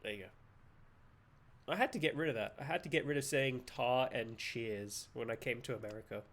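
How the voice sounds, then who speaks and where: A man's voice: medium pitch, moderate pace, fairly bright tone. A young Australian man streaming a game live, joking and laughing with chat. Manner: giggly, playful, jokey.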